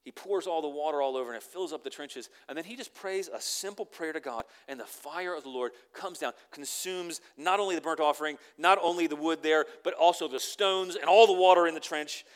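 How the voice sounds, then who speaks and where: A man preaching a conversational sermon, repeating words as he starts phrases and swinging from loud emphasis to near-whispered lines. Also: a little high, fairly quick, few pauses, smooth. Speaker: pastor.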